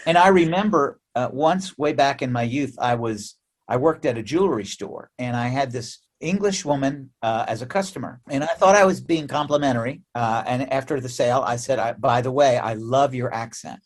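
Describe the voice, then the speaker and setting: An American man, a musician guest in a remote interview, telling stories in a lively, chatty way with frequent laughs and restarts. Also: mid-range voice, fairly quick. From United States. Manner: animated storyteller, laughs often, many restarts. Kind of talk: casual interview chat.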